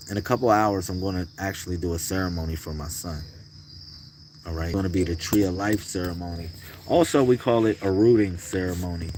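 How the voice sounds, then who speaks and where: A young man talking casually on his own channel, relaxed and slangy, pausing often with restarts. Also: sits low, slight background noise. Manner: laid-back, slangy, laughs often, many restarts. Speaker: spiritual vlogger. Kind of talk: casual chat and spiritual talk.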